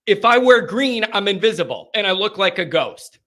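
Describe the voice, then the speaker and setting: A man hosting a live call-in show, chatting casually in an energetic, rambling, joking way from a green-screen set. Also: high voice, moderate pace.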